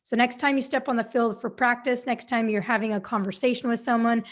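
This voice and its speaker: Woman coach with a slightly high voice, talking listeners through simple steps in a direct, encouraging podcast style. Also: steady tone, brisk. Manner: direct, encouraging, checks in with "right?" and "okay?". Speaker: confidence coach and podcast host. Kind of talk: instructional podcast talk.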